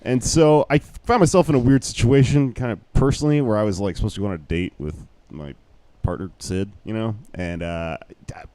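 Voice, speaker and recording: A man's voice: fairly low pitch, brisk, mellow, smooth. A tired man, a comedian guest, telling a story in casual podcast chat, loose and profane with many fillers.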